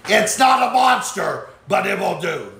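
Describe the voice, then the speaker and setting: A man's voice: high voice, sing-song, a little slow, creaky, sharp tone. A man casually vlogging inside a smoke shop, laid-back and swearing as he hypes the place. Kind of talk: casual vlog commentary. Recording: echoey shop room, faint background noise.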